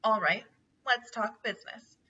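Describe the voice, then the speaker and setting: A woman's voice: fairly high pitch, measured pace, pushed and bright, a little hiss or hum. A woman reading aloud and voicing a bold, impatient young male mouse who talks in an indignant, businesslike way. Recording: dull, distant home recording.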